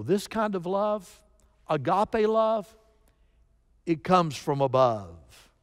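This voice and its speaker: A man preaching a sermon as pastor, telling a story with sudden emphatic rises in his voice. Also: on the high side. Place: church sanctuary. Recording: long reverb of a church sanctuary.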